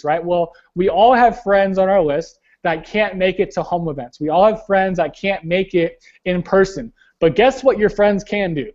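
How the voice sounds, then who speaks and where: Blunt high-voiced young man coaching. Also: moderate pace, a little mellow, lo-fi sound. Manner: blunt, casual, slangy, keeps saying "guys". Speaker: team leader hosting a weekly call. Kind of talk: motivational coaching talk. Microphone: webinar call.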